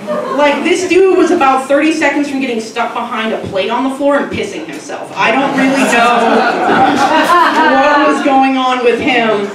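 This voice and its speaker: Young woman doing standup, rambly and self-mocking, kinda high voice, echoey club room from far off. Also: crowd noise. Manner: chatty, rambling, self-mocking, quick asides. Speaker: stand-up comedian. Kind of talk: stand-up comedy set. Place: comedy club stage. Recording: echoey club, mic from afar.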